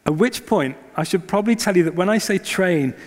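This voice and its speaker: Man preaching, fairly high voice, lively storytelling sermon, long hall reverb. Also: fairly quick. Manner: storytelling, animated when acting out scenes. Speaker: pastor.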